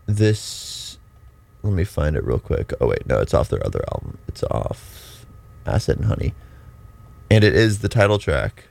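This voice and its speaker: Young man with a gravelly low voice. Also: sing-song, moderate pace, darkish tone. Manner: rambling, restarting, self-deprecating. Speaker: college radio host. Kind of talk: casual on-air chat.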